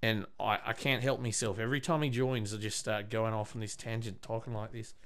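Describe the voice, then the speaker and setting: A man hosting a gaming channel chats casually with friends while playing, in a fairly quick voice on the low side. He gets excitable and tends to shout and laugh.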